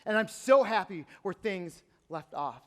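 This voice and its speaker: A young man, a youth pastor, telling a personal story in a sermon, earnest, sometimes hushed and sometimes emphatic. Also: high voice, expressive, unhurried. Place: church auditorium. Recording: long hall reverb.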